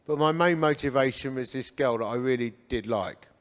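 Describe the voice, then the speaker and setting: This guest speaker, an Englishman in his fifties, delivers a testimony about his life in a mid-range voice at a normal speed. The church hall, full of listeners, is reverberant, and he brings the tale alive by imitating the people he met.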